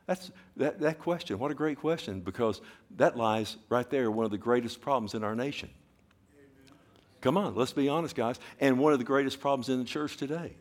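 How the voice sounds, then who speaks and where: A man preaching a sermon who keeps asking the congregation "Amen?". He swings from loud emphatic bursts to low, quiet asides and often repeats words as he goes. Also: moderate pace. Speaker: pastor.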